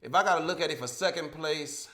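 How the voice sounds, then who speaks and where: A man's voice: fairly high pitch, fast, a bit bright. A man hosting a casual sports podcast over a home mic that cuts out, talking in a profane, heated, rambling way with many restarts. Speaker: podcast host. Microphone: home microphone with dropouts.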